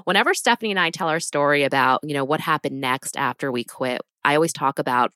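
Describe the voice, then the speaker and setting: A woman's voice: low-pitched, fast, sharp tone, dry recording, studio quality. A woman from New York, hosting the interview in an earnest, composed way. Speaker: host. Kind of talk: podcast interview.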